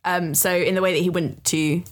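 A woman's voice: on the low side, fairly even intonation, a little fast. Giggly young woman chatting on a podcast. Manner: laughs often, chatty with many fillers. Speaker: podcast guest, YouTuber. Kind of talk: casual chat.

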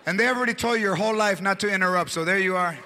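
Gravelly high-voiced stand-up comedian. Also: male voice, racing, noisy background. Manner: animated storytelling, mixing in Spanish words.

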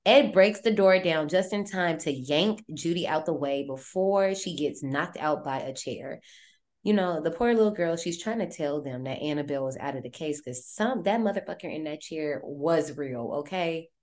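Lively, slangy podcast host woman, low-pitched. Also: normal speed. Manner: animated, slangy and profane. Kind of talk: casual horror movie recap.

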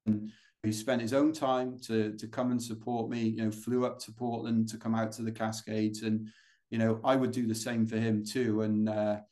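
A man's voice: on the low side, darkish tone. A British man, a guest on a podcast, telling long stories in a chatty, rambling way with plenty of fillers and restarts. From United Kingdom. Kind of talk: casual interview storytelling.

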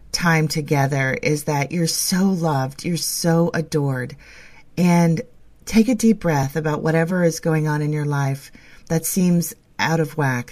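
A woman co-hosting a spiritual podcast, talking in a gentle, flowing, reassuring way. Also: low voice. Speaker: podcast co-host. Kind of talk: casual spiritual chat.

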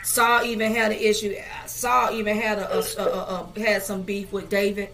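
A woman's voice: mid-range voice, flat delivery, moderate pace, fairly bright tone, faint music behind. A woman leading a Bible study, preaching fervently with frequent amens and hallelujahs and many fillers.

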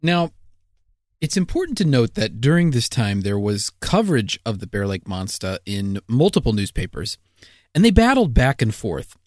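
A podcast co-host with a mid-range voice reads out history in a casual storytelling chat, reacting with excitable jokes. He speaks at a moderate pace, and the studio-quality audio has no room sound.

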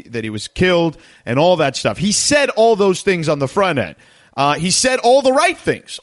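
A man in his thirties hosting a sports call-in radio show, his delivery animated and peppered with "uh" fillers. He reads promos and phone numbers at a brisk clip, then slows into loose, conversational storytelling. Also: a little high.

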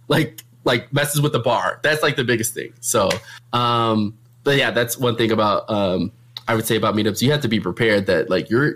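A young man talks casually and chattily, laughing often and leaning on filler words. His pitch sits at an ordinary middle height. He speaks as a streamer answering viewer questions. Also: a bit bright. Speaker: streamer and meetup organizer. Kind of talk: casual chat.

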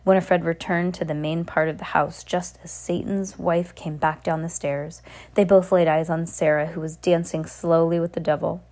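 A woman narrating an audiobook in a steady reading voice with small restarts. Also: sits low, moderate pace.

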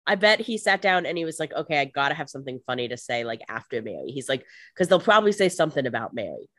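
A woman co-hosting a casual podcast, throwing in quick jokes and asides. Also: rumbling low, big pitch swings, a bit bright, dry recording, studio quality. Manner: joking asides, quick quips. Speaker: podcast co-host. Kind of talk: casual chat.

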